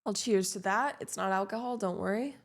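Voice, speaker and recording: A woman's voice: medium pitch, brisk. A young woman, chatting casually with her stream while gaming, rambling and self-deprecating with lots of fillers.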